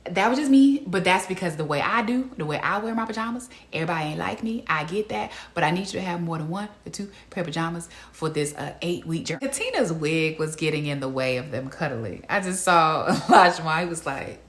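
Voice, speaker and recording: A chatty woman hosts a reality TV recap with a bright, forceful voice pitched a little low. She talks animatedly, breaks into other people's voices and laughs along. Her voice bounces off a roomy, echoey space. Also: expressive, brisk, hardly any pauses. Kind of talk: casual reality show review.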